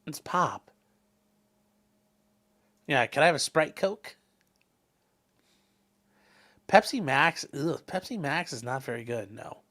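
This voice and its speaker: A man's voice: a little high, animated, a little slow, pauses often, sharp tone. A man hosting a livestream, rambling and joking as he reacts to the chat. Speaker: livestream host reading chat. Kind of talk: casual stream chat.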